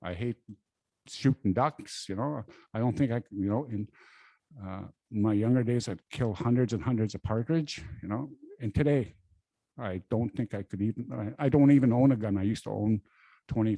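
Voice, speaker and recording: Low-voiced man musing before an audience. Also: dark tone, dry recording, low-quality recording. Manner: reflective, halting, many fillers. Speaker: co-author speaking at a book launch. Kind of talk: informal personal reflection to an audience. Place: library event room.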